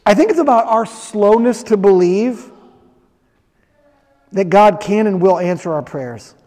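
A man's voice: high-pitched, lively intonation, measured pace, warm tone. A man preaching a sermon, retelling a story with acted-out voices and then speaking directly to the congregation. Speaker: pastor. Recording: long reverb of a large hall.

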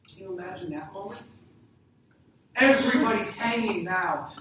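Taking long pauses at a moderate pace, a pastor delivers a conversational sermon and puts questions to the congregation. His medium-pitched voice is distant from the mic, and the echoey hall recording carries faint noise.

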